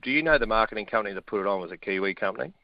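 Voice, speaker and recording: A middle-aged man, a former rugby player talking sport as a radio guest in a blunt, chatty, excitable way. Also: on the low side, rapid-fire, gravelly, muffled recording. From Australia. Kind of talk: casual sports chat.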